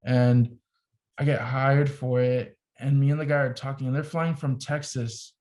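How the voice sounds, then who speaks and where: Speaking at a measured pace in a medium-pitched voice, this young photographer guesting on a podcast recounts a story with animated, casual energy and plenty of "like" as filler.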